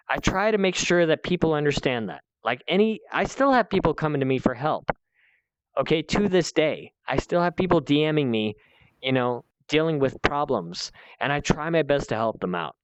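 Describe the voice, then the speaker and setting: A man's voice: on the high side, lively intonation, moderate pace, clean tone, no room sound, muffled recording. A man hosting a heated one-on-one conversation, lecturing in a repetitive, escalating way and swearing now and then. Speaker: channel host.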